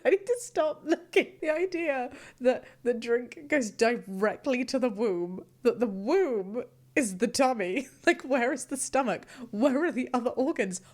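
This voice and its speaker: A woman's voice: high-pitched, expressive, a little slow, a little mellow. A woman hosting a casual reaction vlog, reading posts aloud and laughing often between remarks. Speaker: YouTuber host.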